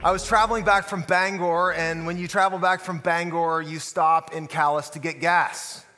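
A pastor delivers his sermon in a high, bright voice. He tells stories and keeps putting rhetorical questions to his listeners, and a long reverb trails behind every phrase. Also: fairly even intonation, moderate pace, soft background music. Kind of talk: sermon podcast.

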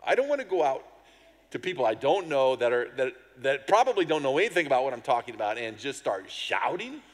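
A man's voice: mid-range voice, sing-song, fairly quick, big-room sound. A middle-aged man, a pastor, telling a personal story in a sermon, acting out voices and sounds with self-deprecating humor.

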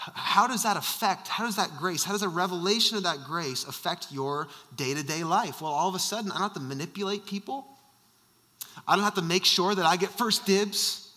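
A man's voice: sits high, pushed and bright, big-room sound. A male senior pastor preaching a sermon, emphatic and fond of rhetorical questions.

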